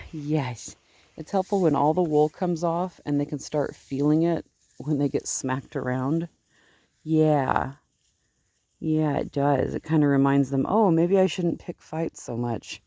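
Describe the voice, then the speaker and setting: The recording is dry, capturing a woman whose warm voice sits low as she hosts a casual farm vlog outdoors. Chatty and rambling, this sheep farmer coos to her flock in baby talk.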